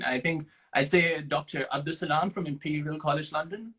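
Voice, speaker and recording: A young man from Pakistan sits as a guest and fields quick-fire questions. His voice is bright and forward, set a little high for a man, and he answers casually. He pokes fun at himself and thinks out loud as he goes. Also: poor audio. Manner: self-deprecating, thinks aloud with restarts.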